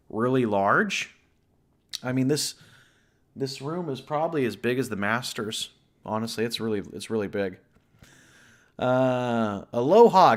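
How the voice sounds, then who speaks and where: Chatty man hosting a casual livestream. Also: mid-range voice. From US West Coast. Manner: chatty, rambling, greets viewers by name. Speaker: livestream host and horror story narrator.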